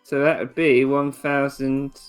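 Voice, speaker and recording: Man, game master, relaxed narrator, mid-pitched voice, faint music underneath. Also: a little slow, clean tone. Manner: relaxed, tallies sums, narrates shop scenes.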